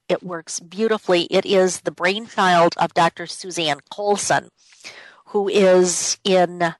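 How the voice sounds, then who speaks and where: A woman's voice: fairly low pitch, steady tone, takes it slowly, no echo, rough recording. Woman radio host, conversational, emphatic, dry close sound, office. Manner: emphatic, repeats key points. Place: home office.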